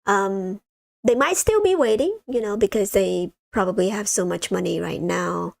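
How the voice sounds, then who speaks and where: A woman's voice: medium pitch, expressive, normal speed, gravelly, dry recording. A woman hosting a casual livestream, rambling with many fillers and talking straight to her viewers. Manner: rambling, many ums, addresses viewers as you guys. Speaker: livestream host.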